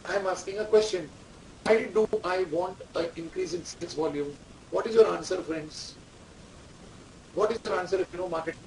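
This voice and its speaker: High-voiced guy teaching a class, repeats himself, mic far off with faint room hiss. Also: normal speed, darkish tone. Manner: repetitive, quizzing the class, dictating instructions. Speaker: management lecturer. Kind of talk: classroom lecture.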